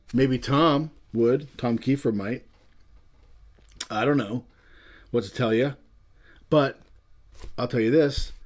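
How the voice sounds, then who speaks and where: A man's voice: medium pitch, a little mellow. A man with a Philadelphia accent, hosting a casual, rambling video about a classic album. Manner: chatty, rambling, self-amused. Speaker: channel host.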